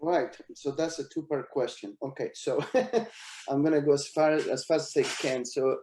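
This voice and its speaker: A man's voice: on the high side, normal speed, echoey room. A middle-aged man from Argentina with an Argentine Spanish accent, speaking English as a guest actor in a webinar, telling stories with frequent laughs. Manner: animated anecdotal storyteller, laughs often. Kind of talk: storytelling in a webinar. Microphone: video call.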